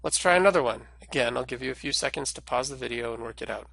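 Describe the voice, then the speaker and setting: A man teaching a recorded language lesson, walking through each sound patiently and clearly. His voice has a gravelly edge and a bright, forward tone. The sound is close and dry. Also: medium pitch, quick pace, dry recording. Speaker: Greek language instructor.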